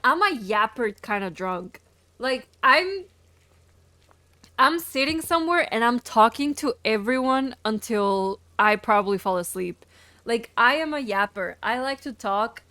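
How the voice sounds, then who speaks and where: A chatty woman streamer talking casually over her game, giggling and swearing as she goes. Her voice sits a little high and unhurried, close and dry on the mic. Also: animated, bright, forceful tone, no room sound.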